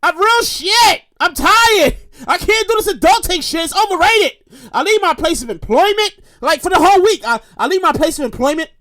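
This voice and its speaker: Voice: very high voice, expressive, moderate pace, sharp tone, no room sound, studio quality. A podcast host in their thirties, rambling through a casual, profane monologue and repeating phrases for emphasis. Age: 30s.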